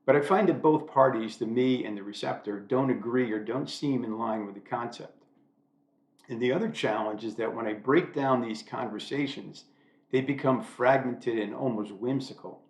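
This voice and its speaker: An older American man delivers a wry, self-deprecating monologue to camera from a room in his home, his humor dry throughout. His voice sits at a medium pitch and moves at a normal speed. He's a vlogger, and the room gives the recording an echo.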